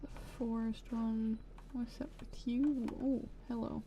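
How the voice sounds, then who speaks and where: A woman's voice: on the high side, fairly even intonation, takes it slowly, slight background noise. A woman streaming a video game, chatting casually in a rambling, profane way and cutting herself off mid-sentence. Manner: rambling, profane, self-interrupting. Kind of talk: casual gameplay commentary. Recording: voice over loud game music.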